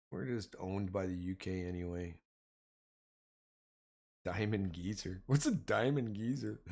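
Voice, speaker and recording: A Canadian man with a Canadian accent giving casual, slangy live market commentary to his chat. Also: on the low side. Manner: slangy, animated, addresses chat as man and boys. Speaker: stock trading livestreamer.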